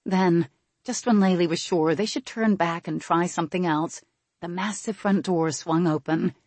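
A woman narrates an audiobook in a low, husky voice with steady, measured storytelling. The recording is close and dry, with no room sound. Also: dry recording.

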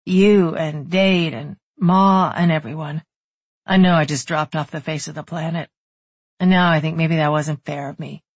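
A woman voicing a huge, shy young male grizzly shifter in an audiobook, speaking haltingly and sheepishly. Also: low voice, steady tone, slightly rough, no room sound.

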